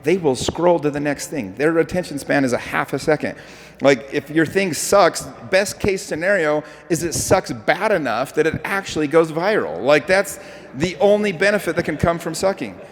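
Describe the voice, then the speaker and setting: A man giving a motivational talk to an audience, telling animated stories with acted-out quotes. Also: fairly high pitch, normal speed. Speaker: speaker. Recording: hall with reverb.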